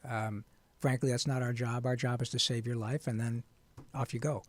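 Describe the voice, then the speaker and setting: A man, a voice actor, telling his story in an interview in an earnest, animated and frank way. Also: medium pitch, moderate pace. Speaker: guest voice actor.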